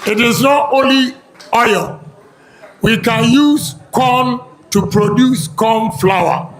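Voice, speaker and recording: A Ghanaian man giving a campaign speech, speaking deliberately and listing his points one by one. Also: extremely high pitch, a bit bright, rough recording. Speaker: politician.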